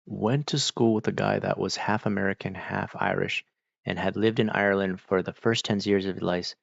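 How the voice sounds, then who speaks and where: Low gravelly man rambling on stream. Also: fairly even intonation, moderate pace, no echo. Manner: rambling, hesitant, many fillers and restarts. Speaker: livestreamer reading chat. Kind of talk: casual livestream chat. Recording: dull lo-fi dry mic.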